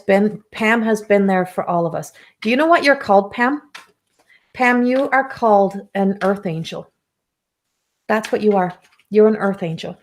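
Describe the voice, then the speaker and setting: A woman hosting a live card reading, reading viewer comments aloud and speaking in an emotional, affirming way. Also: mid-range voice. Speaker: intuitive card reader hosting a live stream.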